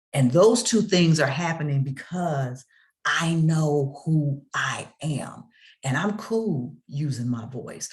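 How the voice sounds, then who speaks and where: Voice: mid-range voice, a little mellow. A motivational speaker in a preacher-like style, emphatic and rhythmic, repeating key phrases as refrains and calling out to the listeners. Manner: rhetorical, calls out to listeners.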